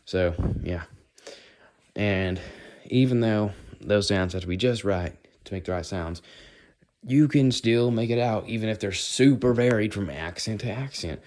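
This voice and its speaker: American guy, very low voice, casual rambling vlog musings. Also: measured pace, darkish tone. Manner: rambling, musing, does playful accent impressions. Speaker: vlogger. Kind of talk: casual walking monologue.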